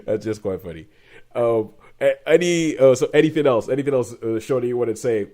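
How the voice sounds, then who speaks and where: A man's voice: medium pitch, animated, a little fast, warm tone. A man hosting a podcast, talking in a chatty way with frequent laughs. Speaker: podcast host. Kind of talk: casual chat.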